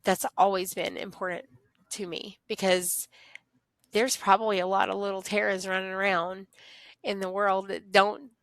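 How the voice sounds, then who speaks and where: A woman's voice: medium pitch, normal speed, dry recording. Earnest woman teacher, dry sound. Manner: earnest, animated storytelling, acts out voices of kids. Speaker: teacher, podcast guest. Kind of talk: casual interview chat.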